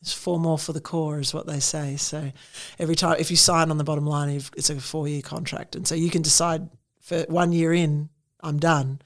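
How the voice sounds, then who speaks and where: A woman in her forties with an Australian accent, telling stories in a casual interview, animated and full of acted-out quotes. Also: low voice, normal speed. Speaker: interview guest, entrepreneur.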